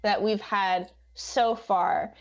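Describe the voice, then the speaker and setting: A woman's voice: mid-range voice, fairly even intonation, very slow. A woman player in casual, bubbly chat about the game. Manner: bubbly, chatty.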